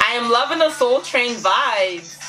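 A woman's voice: fairly high pitch, animated, a little slow, music in the background. A woman hosting a casual reaction vlog, bubbly and giggly, gushing out exclamations to her viewers. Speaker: YouTube reaction host.

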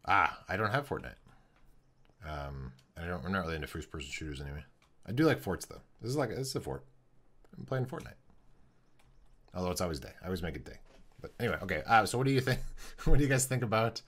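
Deep-voiced guy streaming a block game, mumbling through his build, lots of ums, keyboard clicks. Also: a bit bright. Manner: thinking aloud, halting with many ums. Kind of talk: casual live-stream commentary while building.

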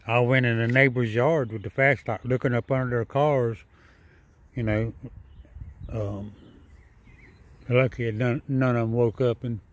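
A man's voice: medium pitch, steady tone. Tired, sad man rambling outdoors. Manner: halting, repetitive, subdued. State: tired and sad after a sleepless night. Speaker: vlogger. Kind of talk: casual vlog monologue. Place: outdoors in his yard.

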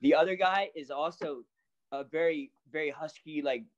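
A man, a salon stylist, telling a story as a guest in casual chat, animated and laughing often. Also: fairly high pitch, moderate pace, highs cut off.

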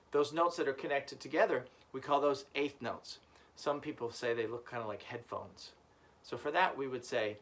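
A man's voice: medium pitch, moderate pace. A man teaching a children's music lesson, encouraging the class and chanting rhythm syllables. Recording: loud background noise.

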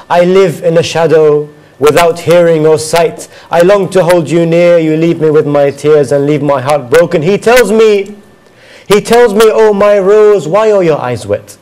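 A man's voice: sits high, a little mellow, poor audio. A man reciting his own mournful elegy poem, repeating its refrains with a grieving voice that rises and falls with emotion.

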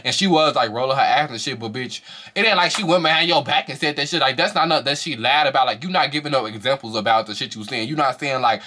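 A young man giving a casual, profane, animated reality TV review with bursts of loud laughter. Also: mid-range voice, fast. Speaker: show reviewer.

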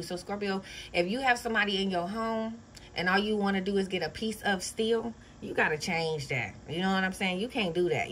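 A loud, playful young woman gives a casual horoscope reading from her home office. She swears freely and keeps checking in with her viewers, her voice sitting at an ordinary middle pitch with a faint hiss underneath. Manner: loud, profane and playful, with frequent "okay?" tags. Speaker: astrology reading host. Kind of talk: casual tarot reading vlog.

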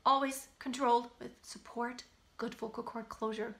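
A woman's voice: a little high, steady tone, normal speed, creaky, a bit bright. A woman teaching singing, explaining technique in speech and switching into sung demonstrations of a phrase. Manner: alternates spoken coaching with sung examples. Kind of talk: vocal lesson with sung demonstrations.

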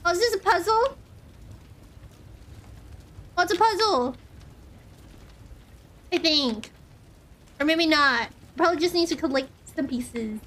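A woman's voice: very high voice, expressive, slow pace, long pauses, fairly bright tone, a little hiss or hum. A woman streaming a horror game, rambling nervously, swearing often and filling her talk with "like". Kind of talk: casual gameplay commentary.

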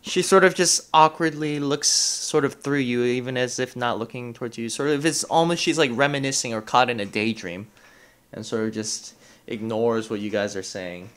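A man's voice: mid-range voice, moderate pace, fairly bright tone, smooth. A man running a tabletop game as game master, narrating hesitantly with lots of "sort of" and "uh".

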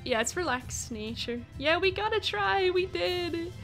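A young woman streaming a game live, giggling often and squealing with excitement while she chats. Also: extremely high pitch, a little slow. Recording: faint music behind. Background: faint music.

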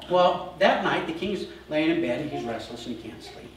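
A man's voice: fairly high pitch, lively intonation, normal speed, distant mic, background noise. Man preaching in an echoey hall. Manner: casual, humorous asides, acts out the story. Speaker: pastor. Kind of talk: sermon storytelling. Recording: echoey church hall, mic from afar.

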